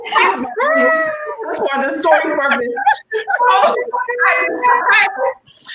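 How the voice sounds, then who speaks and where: A woman's voice: a little slow, roomy sound, a loud crowd, poor audio. A woman telling a funny, embarrassing story in a casual chat, with big swoops in her voice. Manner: animated, laughing storyteller with swooping pitch. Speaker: co-host.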